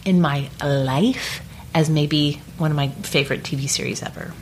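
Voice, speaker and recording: Woman, podcast host, lowish voice, gushing and chatty, faint noise behind. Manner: enthusiastic, quick to agree, gushing. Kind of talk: casual chat.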